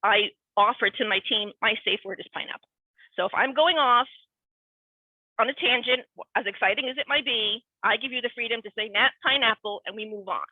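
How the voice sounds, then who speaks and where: Woman, chatty and animated, lively storyteller; dry, tinny call-line audio. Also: a little high, a little fast, no room sound. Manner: animated, talkative, acts out quoted voices. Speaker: guest speaker. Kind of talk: casual conversational talk.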